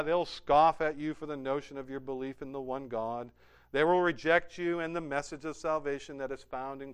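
A man delivers a sermon in a smooth, resonant voice that sits a little high for a man. He builds to loud, emphatic peaks and then falls back to soft, low endings. He sounds like a middle-aged preacher.

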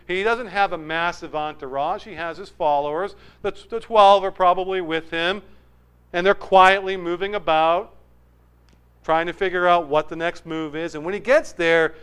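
Animated male preacher with a smooth voice. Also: poor audio. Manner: animated, swings from loud emphasis to low asides; acts out crowd voices. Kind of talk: verse-by-verse sermon.

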